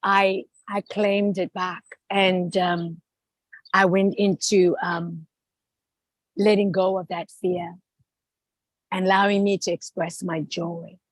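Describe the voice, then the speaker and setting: A woman podcast host speaking earnestly and reflectively about her feelings in a relaxed conversation. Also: fairly low pitch, dry recording, rough recording.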